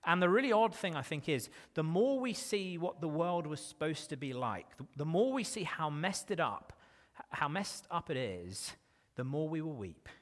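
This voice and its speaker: A man preaching a sermon in a church, earnest and dropping to a hush on key phrases. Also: fairly high pitch, sing-song, moderate pace. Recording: long reverb of a church hall.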